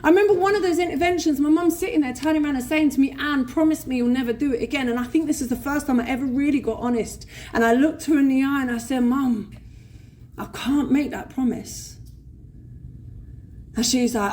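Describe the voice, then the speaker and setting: A woman's voice: high-pitched, fairly quick. Blunt, swearing London woman. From England. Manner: blunt, swearing, animated storytelling. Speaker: recovery speaker. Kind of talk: recovery share at a convention. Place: convention hall stage. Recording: faint room noise at a convention.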